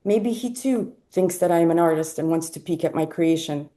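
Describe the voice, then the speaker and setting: A woman reading a personal essay aloud at a live event, wry and lively when she voices the people she quotes. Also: low voice, normal speed. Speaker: essay reader.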